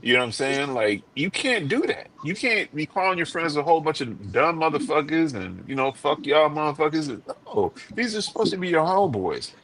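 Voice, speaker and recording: A man's voice: fairly high pitch, sing-song, fairly quick, few pauses, a bit bright, slight background noise. A man on a live-streamed panel, talking bluntly and swearing freely as he tells stories and acts out other people's lines. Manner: blunt, profane storyteller who acts out quotes. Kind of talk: casual debate chat.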